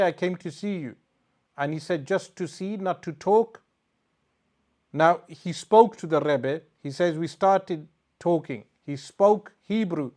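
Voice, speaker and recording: A man, an Islamic scholar, giving a religious lecture to a live audience and recounting a story with emphatic delivery and rhetorical questions. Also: fairly high pitch.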